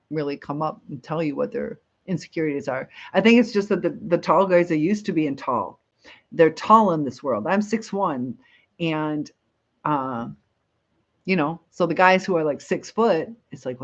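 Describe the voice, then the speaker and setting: A woman's voice: low voice, muffled recording. A woman hosting a casual live stream, chatting and reading viewer comments aloud with frequent laughs.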